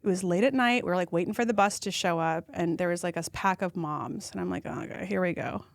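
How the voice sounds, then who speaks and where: A woman, a podcast guest telling funny stories and acting out quotes in a high voice. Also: fast talker, creaky, dry recording, studio quality. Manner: animated storyteller who acts out quotes in a high voice. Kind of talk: casual storytelling chat.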